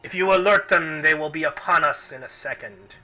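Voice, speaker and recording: A man's voice: a little high, fairly quick, pushed and bright, faint music behind. A man voicing a cunning shapeshifting male ally who speaks in a grave, commanding way, in a dull lo-fi recording.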